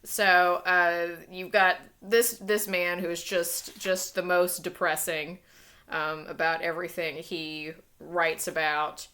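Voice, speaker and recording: A woman's voice: fairly low pitch, flat delivery, slow, pushed and bright. A woman librarian chatting casually about a book, amused, with plenty of fillers and restarts.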